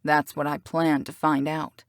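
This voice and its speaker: A woman's voice: sits low, flat delivery, unhurried, dry recording, studio quality. A woman voicing a cocky teasing bad boy. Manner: teasing, smooth, full of innuendo. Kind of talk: audiobook character reading.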